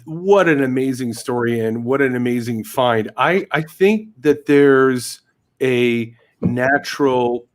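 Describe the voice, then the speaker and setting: A man's voice: mid-range voice, takes it slowly. A man hosting a podcast interview, musing in an encouraging, reflective way. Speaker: podcast host. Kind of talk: casual interview chat.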